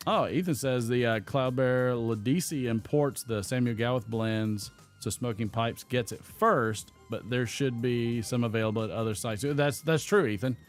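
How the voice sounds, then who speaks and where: Animated man telling stories. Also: normal speed, few pauses, faint music behind. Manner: animated storyteller, acts out quotes in a higher voice. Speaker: podcast host. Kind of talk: casual live-stream chat.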